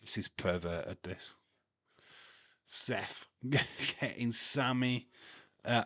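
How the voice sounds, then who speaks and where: A man's voice: medium pitch, drawn-out words, pauses often, fairly bright tone, no room sound. Chatty man hosting a live watch-along. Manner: chatty, laughs often, reads and teases chat. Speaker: livestream watch-along host. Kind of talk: casual live wrestling commentary.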